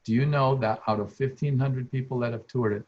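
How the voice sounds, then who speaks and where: A man's voice: mid-range voice, fairly even intonation, fairly quick, dull audio. An older man, a landscape architect, sharing heartfelt stories as a guest speaker on a video call, tearful and rambling with many restarts. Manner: emotional, rambling, with frequent restarts. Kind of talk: heartfelt personal storytelling.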